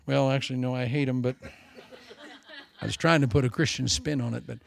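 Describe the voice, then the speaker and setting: A man in his forties preaching a sermon, animated and joking, with self-mocking asides. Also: medium pitch, fairly quick, creaky. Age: 40s. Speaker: pastor.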